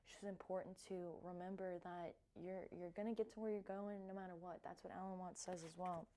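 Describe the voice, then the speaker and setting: A woman vlogger talking casually and softly, with lots of fillers and restarts, as she reflects on cards she has drawn. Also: on the low side, fairly even intonation, a little fast. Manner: soft-spoken, hesitant with many fillers. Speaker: wellness vlogger.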